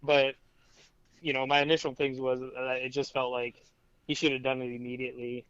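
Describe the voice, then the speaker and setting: A man's voice: medium pitch, level tone, normal speed, a bit bright, smooth, no echo. A man co-hosting a casual podcast, talking in a laid-back, hesitant way full of "you know". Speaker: podcast co-host. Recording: dull dry mic.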